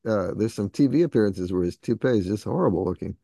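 A man with a low-pitched, mellow voice interviews a guest and asks curious questions. He laughs often. The recording sounds dry and close. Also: lively intonation, fast talker, creaky, no echo. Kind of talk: casual interview chat.

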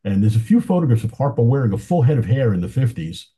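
A man's voice: mid-range voice, sing-song, fast, warm tone, slightly rough. A man talking casually as an interview guest, telling anecdotes with enthusiasm and chuckling now and then. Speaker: film historian guest.

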